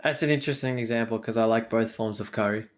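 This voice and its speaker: A man's voice: on the low side, fairly even intonation, quick pace. A man co-hosting a podcast in casual chat, easygoing, with lots of fillers and restarts. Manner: easygoing, full of fillers and repeated starts. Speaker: podcast co-host.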